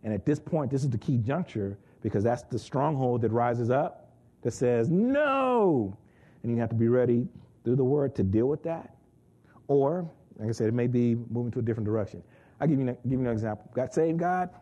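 A man with a mid-range voice gives an excitable testimony in church, laughing often and repeating his words as he tells his story. The high frequencies are cut off.

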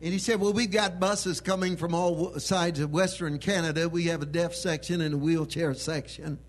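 High-voiced emphatic male preacher. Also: steady tone, normal speed, slight background noise. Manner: emphatic preaching that swells into loud proclaiming. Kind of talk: sermon.

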